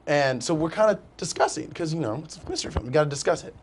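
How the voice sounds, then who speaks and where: A young man telling a long story as a guest in a casual chat, animated and rambling, with "like" in nearly every phrase. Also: on the high side, fast talker, a little hiss or hum.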